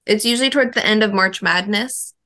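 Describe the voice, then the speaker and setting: A woman's voice: mid-range voice, brisk, bright, forceful tone. Dry, teasing woman co-host. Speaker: podcast co-host. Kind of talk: casual chat.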